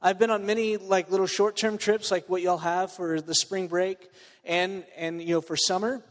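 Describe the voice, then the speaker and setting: High-voiced man preaching with a cold. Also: level tone, moderate pace. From Texas. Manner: chatty and joking, many fillers and restarts. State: under the weather with a cold. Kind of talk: casual sermon to a student group. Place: large meeting room. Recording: long reverb in a large room.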